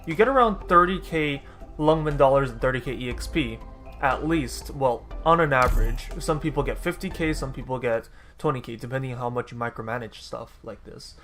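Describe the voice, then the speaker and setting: A man's voice: medium pitch, brisk, a bit bright, faint music behind. A man giving casual, rambling commentary over his own gameplay, often correcting himself and dropping dry sarcastic asides. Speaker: gaming YouTuber.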